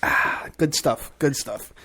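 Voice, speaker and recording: A man's voice: mid-range voice, slow pace, pushed and bright, husky. A man hosting a podcast, chatting casually and laughing a lot while asking his guest questions. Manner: laughs a lot, easygoing interviewer. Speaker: podcast host. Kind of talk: casual chat.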